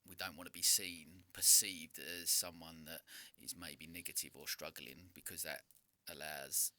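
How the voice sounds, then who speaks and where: A British man hosting a podcast, asking long, searching questions with halting restarts. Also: extremely low pitch, steady tone, bright, forceful tone, no room sound. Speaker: podcast host. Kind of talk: casual podcast interview.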